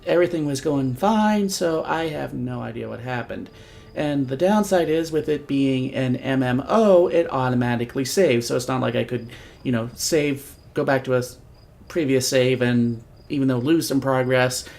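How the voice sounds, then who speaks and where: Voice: mid-range voice, moderate pace, a little mellow. A let's-play host giving casual, rambling gameplay commentary, chatty and self-deprecating.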